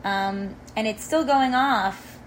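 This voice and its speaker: Woman, podcast co-host, playful wry asides, higher pitch. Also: takes it slowly, slight background noise, rough recording. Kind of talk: casual chat.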